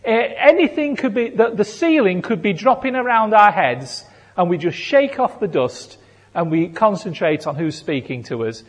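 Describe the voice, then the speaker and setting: A high-voiced British man preaches slowly and earnestly, swelling into fervent pleas. His voice is husky. It rings with a long reverb in a church hall. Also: animated. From Britain. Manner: earnest, building to fervent crying out. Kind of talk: sermon.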